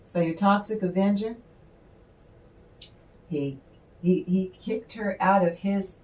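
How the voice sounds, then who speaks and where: A woman giving a casual spiritual tarot reading, rambling and affectionate, stopping now and then to clear her throat. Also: mid-range voice, takes it slowly, darkish tone. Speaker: tarot reader.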